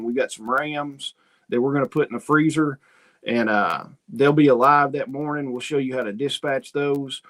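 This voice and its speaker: A man with an ordinary, mid-pitched voice chats loosely on a homesteading livestream. He rambles through folksy stories, acting out what other people said. He reads viewer comments aloud between them. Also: a bit bright. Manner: rambling, folksy storytelling with quoted asides. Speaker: homesteading channel host. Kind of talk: casual livestream chat reading comments.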